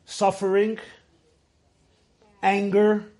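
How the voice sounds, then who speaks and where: A man's voice: high voice, monotone, extremely slow. A man giving a Torah class, emphatic at times and telling stories with Yiddish and Hebrew phrases. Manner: emphatic, rises to shouts for stress. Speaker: Torah teacher.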